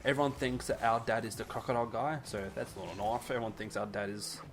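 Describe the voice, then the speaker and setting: A man's voice: medium pitch, steady tone, fast talker, a little hiss or hum. A man with an Australian accent hosting a casual podcast chat, rambling and playful and laughing often. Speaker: podcast host.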